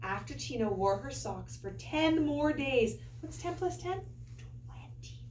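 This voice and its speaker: A woman teacher reading a picture book aloud to children, an animated storyteller with playful asides. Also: high voice, a little slow, slight background noise. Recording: echoey room, far from mic.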